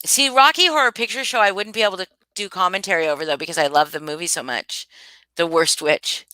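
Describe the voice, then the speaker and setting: A woman with a lowish, bright voice chats loosely with her live audience, circling back and restarting as she thinks aloud. Her tone is smooth and crisp, recorded dry and close. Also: fast talker, no room sound. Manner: rambling, thinks aloud, frequent restarts and asides. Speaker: livestream host. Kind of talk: casual live chat answering viewers.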